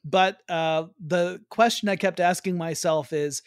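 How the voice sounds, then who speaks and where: A man with a fairly high voice, co-hosting a casual chat and chuckling as he goes. He sounds relaxed and loose and trails off at times. The sound is dry and close, with no room around it. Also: a little slow, clean tone, dry recording. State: hiccups. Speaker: podcast co-host.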